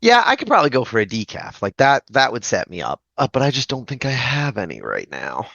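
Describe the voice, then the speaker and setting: A man's voice: mid-range voice, huge pitch swings, a little fast, creaky, sharp tone, dry recording, muffled recording. A man with a Prince Edward Island accent chatting as a podcast guest, easygoing and hesitant, with lots of "like". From Prince Edward Island, Canada. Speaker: guest musician. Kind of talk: casual chat.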